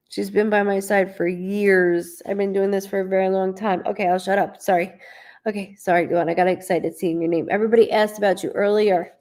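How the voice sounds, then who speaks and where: A woman's voice: medium pitch, fairly even intonation, normal speed, a little mellow. A woman psychic medium in casual livestream chat, rambling, greeting viewers by name and swearing now and then, recorded at home on her laptop mic.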